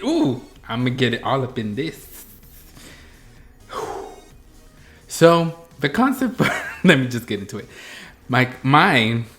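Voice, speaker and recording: A young man hosting a reaction vlog, chatting casually with self-mocking rambles and quick jumps in energy. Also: mid-range voice. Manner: animated, self-mocking, rambling with bursts of laughter. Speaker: YouTube reaction host.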